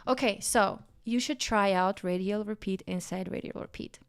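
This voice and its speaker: A woman hosting a live design tutorial, bubbly and enthusiastic, a bit out of breath from excitement. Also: medium pitch, normal speed, gravelly, clear, resonant tone. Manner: bubbly and enthusiastic, frequent exclamations. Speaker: livestream design instructor.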